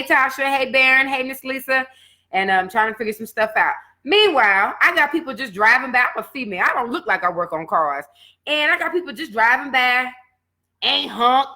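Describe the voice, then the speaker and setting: A woman fitness coach, telling a personal setback story in casual talk and acting out what she said back then. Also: a little high. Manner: animated storytelling, acts out her own past words.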